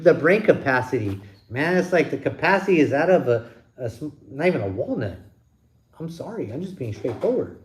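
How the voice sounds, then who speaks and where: A man's voice: on the high side, darkish tone, slight background noise. A man hosting his own channel, delivering a blunt, profane opinion rant with plenty of emphasis. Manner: blunt, emphatic, heavy swearing. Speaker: channel host.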